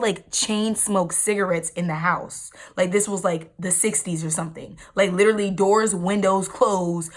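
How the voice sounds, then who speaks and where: A young woman vlogger telling a personal story in an emphatic, slangy, animated way. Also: mid-range voice. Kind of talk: storytime vlog.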